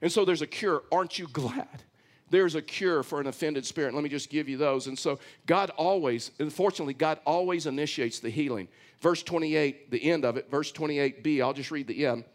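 A man's voice: a little high, fairly quick. A man from Texas with a Texan accent, preaching a conversational, storytelling sermon as pastor.

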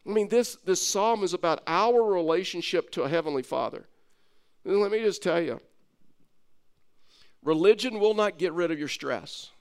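A man's voice: sits high, expressive, normal speed, long pauses, smooth. A man preaching a sermon to listeners at home, earnest and repeating his phrases for emphasis. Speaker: pastor.

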